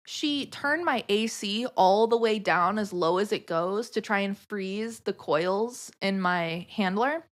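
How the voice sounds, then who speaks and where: A woman guest on a podcast, telling a story in a casual, animated way, swearing a lot and saying "like" constantly. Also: mid-range voice, takes it slowly, few pauses. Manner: animated, profane, heavy use of "like".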